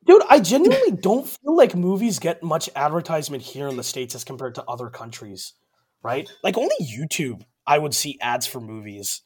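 Young man, high voice, very lively pitch, casual chat, excitable, swears a lot, restarts often. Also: moderate pace, husky.

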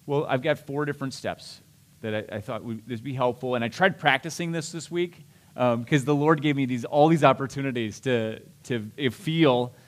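A man's voice: mid-range voice, normal speed. Conversational male pastor preaching a sermon. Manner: conversational, self-deprecating, with restarts and asides.

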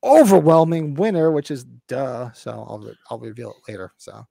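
A man's voice: mid-range voice, very animated, normal speed, creaky, dark tone, no echo. A man in his fifties hosting a casual podcast, talking with rambling enthusiasm and swearing freely. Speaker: podcast host.

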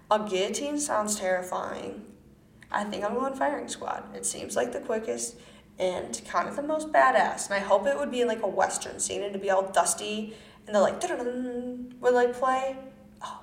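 A woman's voice: medium pitch, reverberant. A young woman from Wisconsin with a Midwestern American accent, hosting a casual true-crime podcast with many fillers and offhand asides. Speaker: podcast host.

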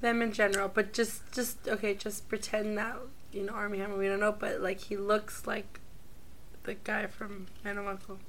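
A woman's voice: mid-range voice, little pitch movement, moderate pace, fairly bright tone. A woman co-hosting a casual podcast chat, scattered and hesitant, swearing as she thinks aloud. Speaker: podcast co-host. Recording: harsh mic, faint room noise.

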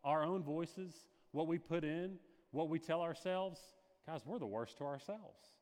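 A man's voice: a little high, a little slow, darkish tone, long reverb tail. A male pastor preaching a sermon, slipping into quoted voices with dramatic shifts.

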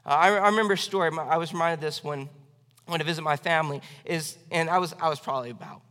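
A young man, a youth pastor, preaching a sermon in a church with lively, acted-out asides. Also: fast talker, big-room sound. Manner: animated, acts out quoted voices with big swings in pitch and loudness. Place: church sanctuary.

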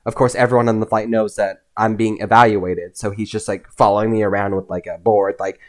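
A young man, a podcast guest, telling personal stories in a casual, animated way, often acting out what others said. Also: lowish voice, a little fast. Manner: animated, acts out voices in his anecdotes. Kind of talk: casual storytelling.

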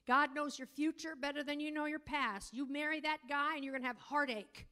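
A woman teaching a sermon on God as father, preaching emphatically and drawing out key words slowly, sometimes breaking into tongues. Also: sits high, fairly even intonation. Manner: emphatic preaching, rising to near-shouting; speaks in tongues at times. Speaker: prayer teacher.

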